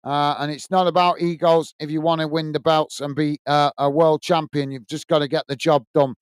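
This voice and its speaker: A man's voice: on the high side, level tone, normal speed, clean tone, no room sound. A man hosting a live football watch-along, chatting bluntly and answering viewer comments. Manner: blunt and opinionated. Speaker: host.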